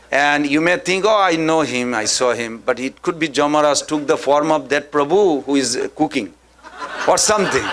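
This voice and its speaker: Man preaching a scripture class, fairly high voice, tells stories and quizzes the crowd. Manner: animated storyteller, asks the audience questions. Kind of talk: scripture lecture with storytelling.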